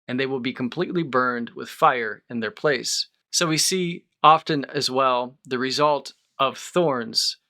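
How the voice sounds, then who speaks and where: A man preaching a sermon as a pastor, reading scripture aloud and explaining it in short, measured phrases. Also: mid-range voice, bright, forceful tone.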